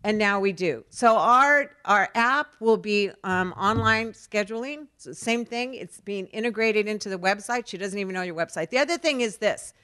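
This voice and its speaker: A middle-aged woman speaks at a fundraising dessert in an animated storytelling manner. Her pitch sits in an ordinary middle range. She acts out quoted conversations and hammers points home by repeating words. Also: normal speed, hardly any pauses, smooth. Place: event hall.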